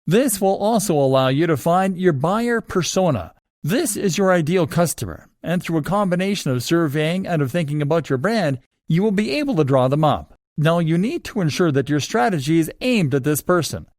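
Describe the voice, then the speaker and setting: Lively, instructive male course narrator. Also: fairly high pitch, moderate pace, hardly any pauses, dry recording, studio quality.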